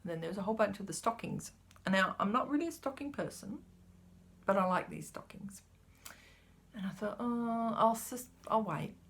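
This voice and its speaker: A woman's voice: mid-range voice, lively intonation, fairly quick, gravelly, pauses often, a bit bright. A woman, chatting casually as she shows her cross-stitch supplies, rambling a little and sometimes dropping to a whisper. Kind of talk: casual chat showing craft supplies.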